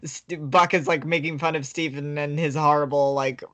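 A woman's voice: low voice, fairly even intonation, normal speed, fairly bright tone. A woman co-hosting a podcast, casually recapping a book in a rambling way with lots of filler words. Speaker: podcast co-host. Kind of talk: casual chat summarizing a book.

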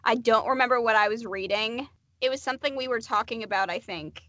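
A woman co-hosting a podcast, chatting casually and drifting into quick tangents. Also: on the high side, a bit bright, no room sound. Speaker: podcast co-host. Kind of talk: casual chat.

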